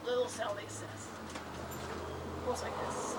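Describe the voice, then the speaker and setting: A woman's voice: a little high, moderate pace. A woman telling a joke at a family birthday party, giggling and laughing through the punchline. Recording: distant home camcorder, noisy room.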